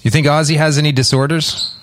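A man's voice: fairly high pitch, level tone, a little fast, loud music behind the voice. A man co-hosting a casual podcast, rambling and searching for words as he explains tech. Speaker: co-host. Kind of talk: casual chat.

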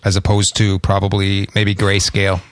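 A man's voice: low voice, monotone, moderate pace, no room sound. A man co-hosting a casual podcast, rambling and searching for words as he explains tech. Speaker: co-host. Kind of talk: casual chat.

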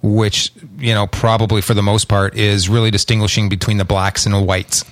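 A man's voice: lowish voice, little pitch movement, brisk, no room sound. A man co-hosting a casual podcast, rambling and searching for words as he explains tech. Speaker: co-host. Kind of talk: casual chat.

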